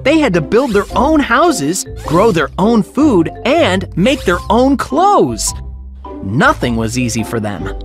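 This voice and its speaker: A woman's voice: medium pitch, very animated, takes it slowly, soft background music, voice pushed down. A woman voicing a shy, earnest young schoolboy in a children's storybook. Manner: earnest, explaining. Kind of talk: storybook character voice.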